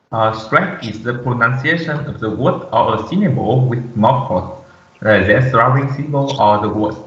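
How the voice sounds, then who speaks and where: A young man giving a class presentation, reading haltingly from slides with many fillers. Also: mid-range voice, fairly bright tone. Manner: halting, reads aloud with frequent "uh" fillers. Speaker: student presenter. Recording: echoey room, distant dull mic.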